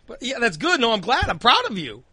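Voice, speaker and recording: A man's voice: very high-pitched, wildly swooping pitch, fairly quick, pushed and bright. A man hosting a call-in chat, blunt and teasing, with crude humor. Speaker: host.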